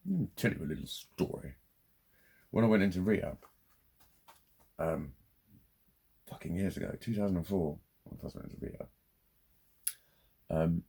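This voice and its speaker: A man's voice: low voice, darkish tone, husky. A man, ranting casually to camera, sweary and rambling, getting heated. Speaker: vlogger.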